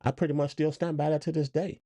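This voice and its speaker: A middle-aged man co-hosting a podcast in relaxed, casual chat, posing hypothetical questions and reading out listener comments. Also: on the high side, fast talker, no echo. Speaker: podcast co-host.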